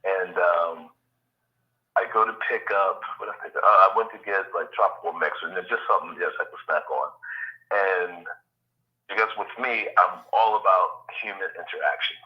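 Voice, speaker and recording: A man's voice: sits low, normal speed. A man telling a rambling, anecdote-filled story on a group coaching call, full of fillers and restarts. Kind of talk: casual storytelling on a conference call. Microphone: phone call. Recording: dull lo-fi phone line.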